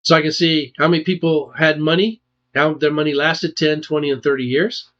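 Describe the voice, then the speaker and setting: A man with a slightly high voice walks through retirement figures as a financial advisor. He talks emphatically and keeps checking in with "okay?" and "all right?". The recording sounds muffled and lo-fi. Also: fairly even intonation, brisk, fairly bright tone. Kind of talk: explaining retirement charts. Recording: dull lo-fi sound.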